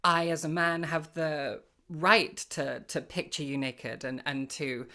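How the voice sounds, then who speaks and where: A woman hosting a conversational interview, her voice unusually deep for a woman. She speaks earnestly and with emphasis, lining up her points as she builds an argument. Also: fairly even intonation, measured pace, pushed and bright. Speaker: host. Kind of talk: casual interview chat.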